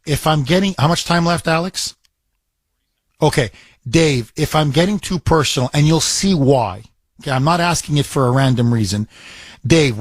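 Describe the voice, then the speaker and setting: A man's voice: medium pitch, dry recording. A man hosting a talk radio call-in show, pressing his points with repetition and rhetorical questions. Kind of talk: talk radio, taking calls. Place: radio studio.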